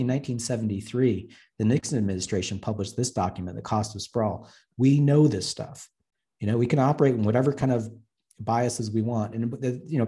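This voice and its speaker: A man's voice: medium pitch, mellow. Blunt man presenting. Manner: blunt, joking, acts out quoted dialogue. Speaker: urban planner giving a webinar talk. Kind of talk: presentation with slides.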